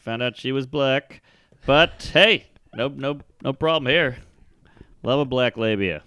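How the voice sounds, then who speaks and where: Man comic guest, crude and lively, sharp bright voice, dry sound. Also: medium pitch, clear, resonant tone, no echo. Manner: fast, crude, animated punchlines. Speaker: comedian guest. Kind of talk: casual chat.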